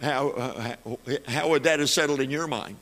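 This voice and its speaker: A man's voice: mid-range voice, normal speed, a bit bright. A man preaching a sermon, building to emphatic peaks and repeating phrases as he goes.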